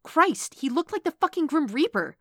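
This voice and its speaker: Woman playing a brash college girl, loud, high, forceful. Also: sing-song, moderate pace, no room sound, studio quality. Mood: outraged. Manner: shouting, swearing.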